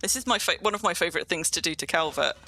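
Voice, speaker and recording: A woman's voice: fairly low pitch, racing, sharp tone, slight background noise. A woman hosting a casual livestream chat, rambling through explanations and laughing often. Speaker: streamer and host.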